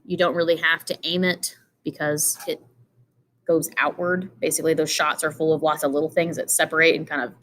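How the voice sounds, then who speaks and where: A woman's voice: deep voice, sharp tone, a little hiss or hum. Casual woman teaching a lecture. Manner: informal, lots of fillers, pointing at slides. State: tired, yawning.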